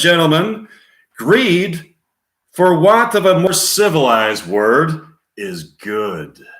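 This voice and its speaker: A man doing a slow, grandstanding corporate raider. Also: a little high, a bit bright, voice pushed up, full character voice. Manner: slow, emphatic speechmaking. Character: smooth greedy male corporate raider orating. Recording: roomy echo.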